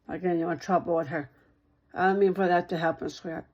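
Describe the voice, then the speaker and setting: A woman's voice: on the low side, fairly even intonation, fast, darkish tone, dull audio. A woman talking straight to one listener in a rambling monologue, repeating herself and circling back over the same points.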